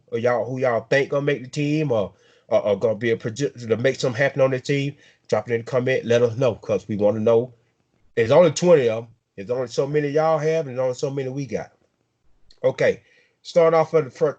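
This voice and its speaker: A man's voice: mid-range voice, darkish tone. South Georgia man talking football, lo-fi sound. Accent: Southern American, South Georgia. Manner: drawling, repeats and restarts words, hypes players. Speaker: sports podcast host. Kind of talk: casual sports chat.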